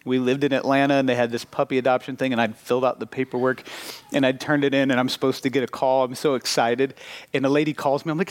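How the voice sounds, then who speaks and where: Male pastor, thirties, sermon, animated storytelling, middle-pitched voice. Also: fast talker. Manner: animated storytelling with acted-out dialogue.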